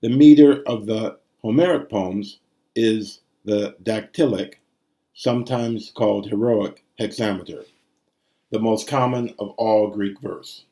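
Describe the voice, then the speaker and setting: Guy teaching greek meter, slow and low-ish, says the da da beats out loud. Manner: methodical, sounds out syllables and rhythms aloud. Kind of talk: recorded language lesson.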